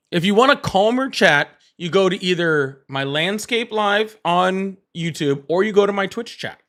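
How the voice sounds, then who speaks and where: A man's voice: high-pitched, a bit bright. A man from the Southern US hosting a casual live call-in chat, laughing, teasing and repeating words. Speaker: livestream host.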